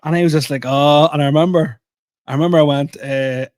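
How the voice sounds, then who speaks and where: A man's voice: on the high side, steady tone, brisk, a little mellow, dry recording, clean studio sound. A young man co-hosting a podcast, telling stories in a rambling, self-deprecating way with lots of restarts. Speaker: podcast co-host and comedian. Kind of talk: casual chat.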